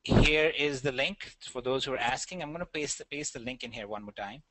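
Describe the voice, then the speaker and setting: A man's voice: medium pitch, fairly quick, fairly bright tone, no echo. A man with an Indian accent presenting an online webinar, talking earnestly with a rambling delivery and many fillers.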